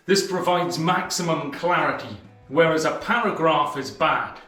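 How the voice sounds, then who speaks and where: A man explaining a book's ideas as a host, speaking in a measured way with deliberate pauses and emphasis. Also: on the high side, expressive, sharp tone, recorded from a distance. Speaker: channel host summarizing a book. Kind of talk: explanatory book-summary monologue. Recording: roomy sound from off the mic, faint music.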